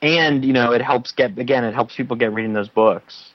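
A man's voice: medium pitch, a little fast, no room sound, lo-fi sound. A man talking casually as a podcast guest, with a wry, teasing manner. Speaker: podcast guest, comic writer. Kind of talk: casual chat.

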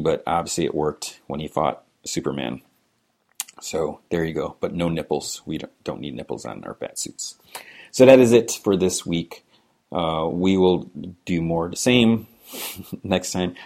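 A man's voice: sits low, creaky, a little mellow. A man hosting a podcast alone, chatting casually and reading listener emails, rambling with lots of fillers. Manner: rambling, frequent "you know" fillers, chuckles. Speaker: podcast host.

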